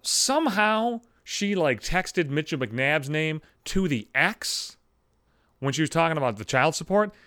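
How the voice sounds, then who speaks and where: Man, comic storytelling rant, lively swooping delivery, slightly high voice, lots of swearing. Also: a little slow, clear, resonant tone, no echo, clean studio sound. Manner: animated, swears freely. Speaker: host.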